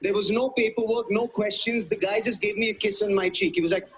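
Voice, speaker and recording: A man's voice: high voice, steady tone, fairly quick, noisy background. A man from India with an Indian English accent, performing a wry, self-mocking stand-up routine on stage before a live audience. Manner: wry, self-mocking, punchy delivery with put-on voices. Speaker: stand-up comedian.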